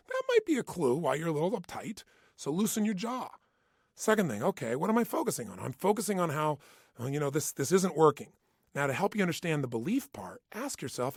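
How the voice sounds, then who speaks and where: In a motivational self-help talk, a male motivational speaker delivers intense, emphatic points, hammering them home with punchy repetition. His voice is fairly high with big pitch swings and a slightly fast pace, captured as a dry, clean studio recording.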